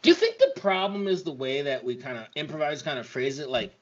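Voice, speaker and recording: A man in casual podcast chat, animated and often laughing, swinging between loud and quiet. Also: on the high side, fairly quick, dull audio.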